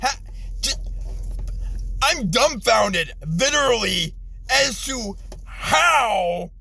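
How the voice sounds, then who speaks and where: A middle-aged man, an army veteran, in an angry, profane rant from his car, exasperated, his voice jumping high when he yells. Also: lively intonation, drawn-out words, vocal fry, breathy edge, low-quality recording. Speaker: ranting vlogger, army veteran.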